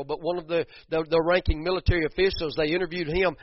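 A man's voice: on the high side, steady tone, fast talker, no echo. Emphatic preacher man. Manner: preaching with rising emphatic bursts and many repeated words. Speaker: pastor. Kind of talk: sermon. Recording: dull muffled sound, dry.

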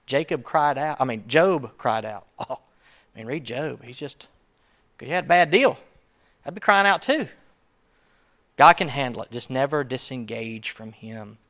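A man preaching a sermon in a conversational, emphatic way, swinging from soft asides to loud urgency. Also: a little high, lively intonation, normal speed, long pauses. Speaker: pastor.

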